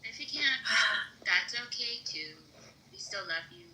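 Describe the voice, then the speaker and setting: A woman's voice: on the high side, animated, slow, pushed and bright, echoey room, slight background noise, rough recording. A woman in a casual group chat, teasing and affectionate by turns. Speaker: participant in an online voice chat room.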